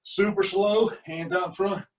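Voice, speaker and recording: A man's voice: high-pitched, steady tone, measured pace. A man coaching a youth golf class over video, talking kids through a lesson and counting out exercises as he does them. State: out of breath during burpees. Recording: voice a little distant from the mic.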